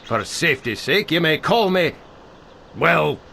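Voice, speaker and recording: A man's voice: a little high, big pitch swings, a little slow, gravelly, bright, forceful tone, a little hiss or hum, full character voice. An actor playing a nervous, fawning male guide in a video game, with flowery and eager-to-please speech. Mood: courtly.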